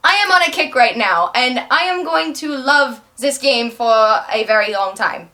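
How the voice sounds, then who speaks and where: A young American woman chatting unscripted to her camera in a put-on French accent, rambling quickly and apologizing as she goes. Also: high voice, pushed and bright. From United States. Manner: rambling, fast, apologetic and self-conscious. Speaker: vlogger and actress. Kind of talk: unscripted casual chat to camera.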